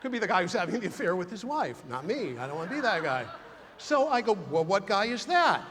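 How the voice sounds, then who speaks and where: This keynote speaker's voice sits high, and he talks fast, with big-room sound and a bit of background noise. In a large conference hall before a big audience, he gives a humorous motivational speech, acting out the dialogue in his stories.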